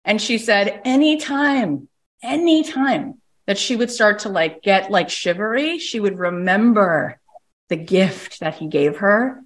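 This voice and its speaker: A woman's voice: mid-range voice, expressive, unhurried. A woman coach on a recorded call, telling a story with energy and acting out the people she quotes. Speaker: coach and podcast host.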